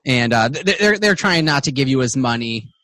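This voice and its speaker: A man's voice: medium pitch, animated, moderate pace, pushed and bright, no echo. A man narrating as game master in a tabletop game, rambling and restarting often. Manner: rambling, full of fillers and restarts.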